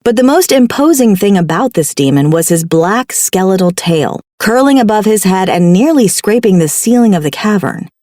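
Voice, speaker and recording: A woman's voice: medium pitch, animated, moderate pace, hardly any pauses, mellow, no echo. Woman narrating a dry, wry audiobook. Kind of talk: first-person audiobook narration.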